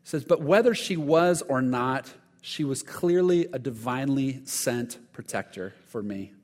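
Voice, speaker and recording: A man's voice: mid-range voice, animated, measured pace, a little mellow, long reverb tail. A man preaching a sermon, telling stories earnestly with frequent restarts and repeated words. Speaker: pastor.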